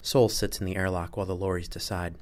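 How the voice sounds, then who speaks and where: Man, very deep voice, audiobook narration, measured, storytelling. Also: little pitch movement.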